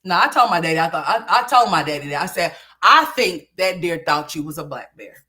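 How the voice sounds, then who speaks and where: Woman from oklahoma on a livestream, bright forceful voice sitting kinda low, cussing and getting loud then quiet. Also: brisk. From Oklahoma, USA. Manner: animated, profane, swings from low mutters to loud exclamations. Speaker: livestream host. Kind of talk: casual storytelling on a livestream.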